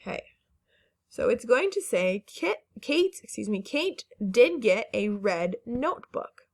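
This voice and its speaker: A woman's voice: fairly high pitch, very animated, unhurried. Casting note: woman teacher, patient and encouraging, careful enunciation of each word for young learners. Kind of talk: phonics lesson narration.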